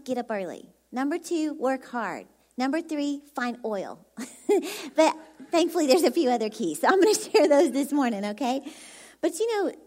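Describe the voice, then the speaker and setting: Bubbly Texan woman with childlike voice. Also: sits high. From Dallas, Texas. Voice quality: very youthful, childlike voice. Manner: bubbly and chatty, laughs often. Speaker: guest speaker. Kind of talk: sermon.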